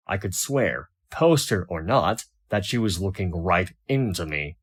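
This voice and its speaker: A man reading a first-person fan fiction story aloud, wry and expressive. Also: sits low, a little slow, few pauses, slightly rough. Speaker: audiobook reader.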